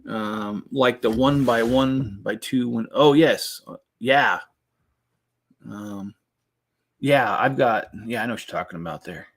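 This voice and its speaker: A man's voice: mid-range voice, a little slow. Rambling middle-aged man chatting while building. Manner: rambling, talks to viewers in the chat. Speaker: Lego building channel host. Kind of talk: casual live-stream chat while building.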